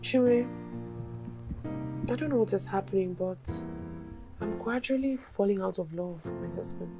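Woman playing a tired strict nigerian mom, firm voice, music clearly under it. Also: medium pitch, normal speed, natural voice. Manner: firm, weary. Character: tired, strict middle-class Nigerian mother. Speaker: wife and mother.

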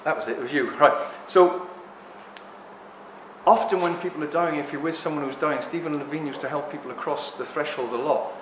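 A man giving a rambling, joking live talk to an audience, speaking loudly without a microphone. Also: fairly high pitch, fairly quick. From Greek heritage. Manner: jokey, rambling, loud. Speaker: guest speaker. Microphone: no microphone, room recording. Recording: echoey room with background noise.

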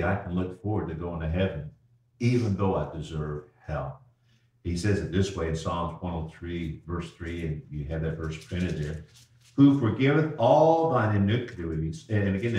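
A man preaching an evening sermon as pastor, folksy, repeating words and slowing down on key phrases. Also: fairly low pitch, darkish tone, recorded from a distance. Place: church sanctuary. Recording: echoey church from afar.

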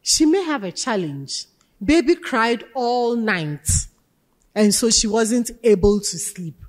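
A woman's slow, expressive voice, pitched on the high side, fills a lecture hall with long reverb. She is a lecturer from Ghana teaching leadership, emphatic and directing questions at her students.

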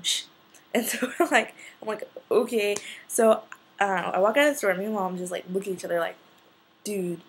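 A teenage girl chatting excitedly in a casual storytelling vlog, gushing and filling her sentences with "like". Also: mid-range voice, slight background noise. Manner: excited and gushing, filler-heavy. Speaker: fashion vlogger.

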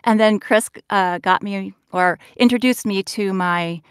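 A woman voice actor chatting as a panel guest, bubbly and quick to laugh, on a remote call. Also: medium pitch, clear, resonant tone, no echo, studio quality. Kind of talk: casual panel chat.

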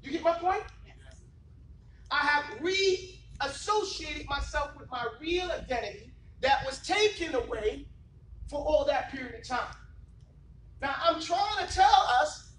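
A high-pitched man gives an emphatic, preachy classroom lecture, often stopping to ask the students whether they follow. He is picked up from across an echoey room, with a faint hiss underneath. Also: a little slow, a bit bright, recorded from a distance. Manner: emphatic, preachy, keeps asking the class rhetorical questions. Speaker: Islamic teacher. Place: classroom, indoors.

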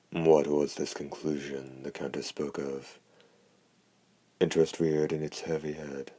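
A man narrating an audiobook in a steady, even reading voice. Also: very deep voice, husky, no echo. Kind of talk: scripted narration.

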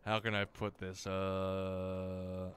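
A man's voice: low-pitched, completely flat delivery, very slow, fairly bright tone, clear, resonant tone. A man ranting casually and profanely about family while playing a game. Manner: rambling, profane, venting. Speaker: gaming streamer. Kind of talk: casual chat over gameplay.

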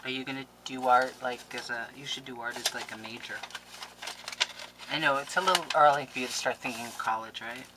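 A woman vlogger opening mail on camera in a casual, gushing, excitable way, with quick laughs and whispered asides. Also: extremely low pitch, very noisy. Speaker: scrapbooking vlogger.

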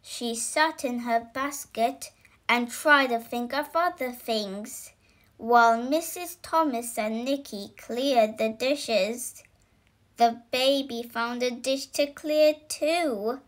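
Slow, high-voiced woman reading aloud. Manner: slow, expressive read-aloud with character voices. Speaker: storybook reader. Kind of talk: reading a picture book aloud.

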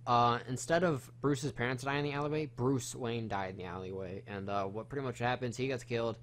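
A man's voice: mid-range voice, fairly even intonation, a little fast, a little hiss or hum. A man hosting a casual film review chat, retelling the plot in a rambling, profane way with lots of fillers.

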